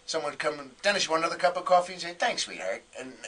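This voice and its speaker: A man telling a story as a guest on a radio interview, animated and acting out the voices he quotes. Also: a little high, very fast, far from the mic. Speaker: comedian guest.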